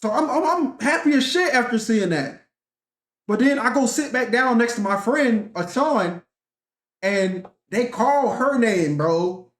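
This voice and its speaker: A man's voice: very high voice, expressive, measured pace. A young man telling a profane, rambling story in a casual rant vlog, talking animatedly and swearing often. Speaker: vlogger. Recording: echoey room.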